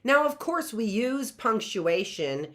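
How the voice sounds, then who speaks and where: Lively, playful woman teacher. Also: fairly high pitch, slow pace. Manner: chatty, playful, exclamatory. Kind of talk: casual online lesson. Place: home classroom setup.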